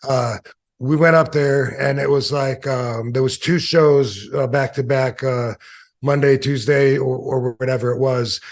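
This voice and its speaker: A man's voice: medium pitch, fairly even intonation, unhurried. A man in his fifties, an interview guest and former wrestler, telling long casual stories with many fillers and acting out the voices of people he quotes. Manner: rambling anecdotes with many fillers.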